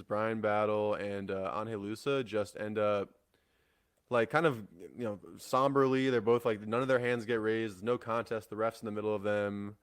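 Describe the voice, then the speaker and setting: A man's voice: lowish voice, smooth. A man hosting a solo fight-news show, rambling in a casual way with lots of fillers, restarts and swearing. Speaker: MMA podcast host.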